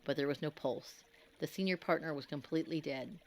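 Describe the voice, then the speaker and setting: Woman, low voice, horror story narrator, grave, measured, dramatic. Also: slight background noise.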